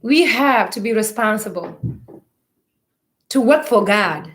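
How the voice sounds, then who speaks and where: A woman's voice: medium pitch, lively intonation, slow pace. A woman giving a spiritual talk to online followers. She speaks emphatically, piles up rhetorical questions and calls on listeners to answer.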